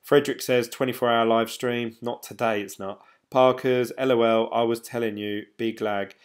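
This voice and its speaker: A man's voice: mid-range voice, fairly even intonation, normal speed, clean tone. Chatty man on a livestream. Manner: rambling, chatty, loose and informal. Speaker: crypto livestream host. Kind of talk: casual livestream chat reading viewer comments.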